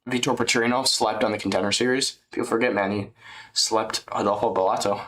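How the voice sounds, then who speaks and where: A man's voice: on the low side, fairly even intonation, a little fast, fairly bright tone. A young man with a worn-out voice, chatting loosely on a livestream with slang and laughs. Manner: rambling, laughing, slangy, slips into impressions. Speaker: streamer. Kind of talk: casual fight-companion livestream chat.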